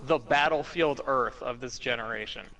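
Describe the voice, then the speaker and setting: A young man co-hosting a podcast, talking in excited, profane run-on bursts full of "like" and restarts. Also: mid-range voice, normal speed, vocal fry, poor audio. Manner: animated, profane, talks in run-on bursts with lots of "like". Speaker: podcast co-host. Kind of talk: casual chat.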